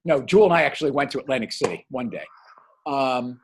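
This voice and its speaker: An older man from New Jersey co-hosting a casual talk show, animated and rambling, often tagging his points with "okay?". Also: medium pitch, fast talker, slight background noise. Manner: animated, digressive, tags remarks with "okay?". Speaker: podcast co-host. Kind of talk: casual chat.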